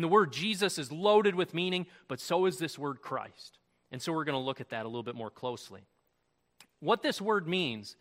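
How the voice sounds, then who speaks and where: A man's voice: on the high side, bright, forceful tone. A man preaching a sermon, emphatic and conversational, stressing words boldly. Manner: emphatic, building to bold stresses. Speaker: pastor. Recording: long reverb of a large hall.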